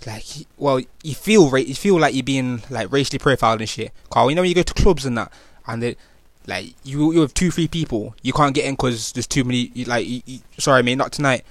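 A young man from England with a Nottingham accent talks in loose street slang, full of fillers and restarts. His voice sits at an ordinary middle pitch. The recording is dry and close. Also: brisk, no room sound. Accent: Nottingham, East Midlands English. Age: young adult. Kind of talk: casual personal testimony.

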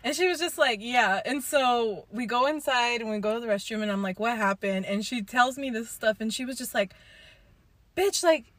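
A chatty young woman with a fairly high voice adds to the story in casual chat, often breaking into laughter. She sounds close and dry, with no room echo. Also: brisk, hardly any pauses, a bit bright. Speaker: podcast co-host.

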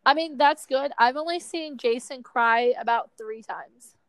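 A young woman with a fairly high voice gabs animatedly as a co-host, swearing freely and getting chores done as she talks. The sound is close and dry, with no room around it. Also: unhurried, no echo, rough recording. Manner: chatty, animated, swears freely, multitasking chores while talking. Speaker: podcast co-host. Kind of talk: casual chat.

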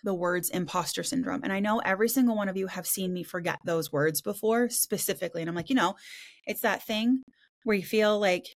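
Fast-talking, excitable woman podcast host. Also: mid-range voice. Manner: fast, excitable, swears casually; animated storytelling with quoted voices. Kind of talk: casual roundtable podcast chat.

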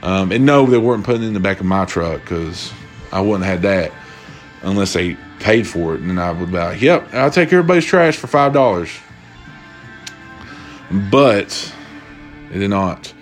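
Male podcast host, lowish voice, rambling and profane, faint music under him. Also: moderate pace. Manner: profane, rambling, animated storytelling with quoted voices. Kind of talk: casual solo podcast rant. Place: at home, drinking bourbon while recording.

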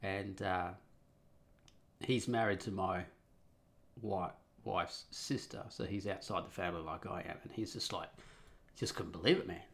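A man's voice: low-pitched, a little slow, pauses often. A man telling a personal story in a casual, rambling monologue, wry and full of swearing. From Australia.

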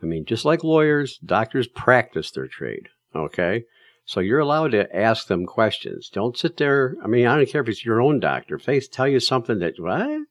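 A man's voice: mid-range voice, sing-song, normal speed, no room sound, clean studio sound. A man giving casual, emphatic advice to drivers, telling stories in a plain-spoken way with plenty of fillers.

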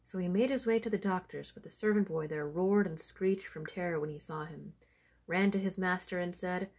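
Low-voiced woman reading a folk tale. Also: moderate pace, breathy edge. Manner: steady storytelling delivery. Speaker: storyteller.

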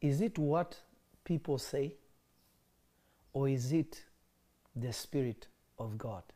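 A woman's voice: very deep voice, slow, dark tone. A woman teaching scripture, pressing her listeners with questions and laughing often. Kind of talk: interactive Bible teaching.

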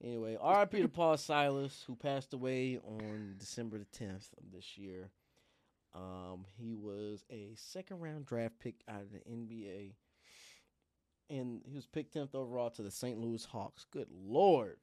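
A man's voice: mid-range voice, a little slow, no echo. Guy riffing on sports, voice jumps all over, dry close mic. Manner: animated, playful, repeats phrases for emphasis. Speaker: sports podcast co-host. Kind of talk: casual sports chat.

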